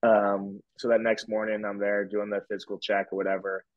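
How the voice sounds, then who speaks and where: Fairly low-pitched and flat, a little fast, the voice of a podcast guest in his twenties comes through dull, dry lo-fi audio without echo. He tells a story loosely and ramblingly, packed with fillers like "like" and "whatever."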